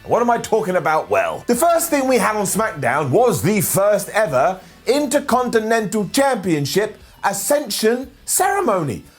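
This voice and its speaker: A high-voiced man with a lively, bouncing delivery hosts a comedic wrestling recap. He talks sarcastically and jokes constantly, and faint music plays under him. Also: normal speed, hardly any pauses. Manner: sarcastic, jokey, animated, with silly put-on voices. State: nursing a scratched eye. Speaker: wrestling show recap host.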